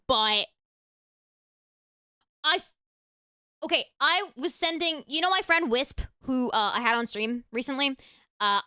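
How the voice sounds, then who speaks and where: A woman's voice: sits high, sharp tone, smooth, no room sound, studio quality. A young woman hosting a casual livestream, chatting in a rambling way that often trails off. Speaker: streamer host. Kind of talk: casual livestream chat and reaction.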